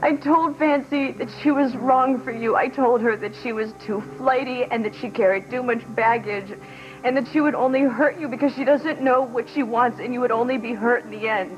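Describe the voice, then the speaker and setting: An actress voices a young mother close to tears, her high voice halting and pleading. She sounds ashamed and keeps asking forgiveness. The soap opera audio is dull, with dramatic music underneath. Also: lightly acted. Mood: tearful. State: near tears. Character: remorseful young mother confessing to her former love. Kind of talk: daytime soap opera acting.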